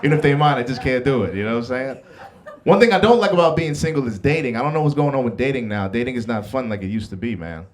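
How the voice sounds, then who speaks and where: A young male stand-up comedian from the Bronx, New York, performs a brash, profane set on a comedy club stage, teasing the live audience. His mid-range voice is expressive and he talks fast.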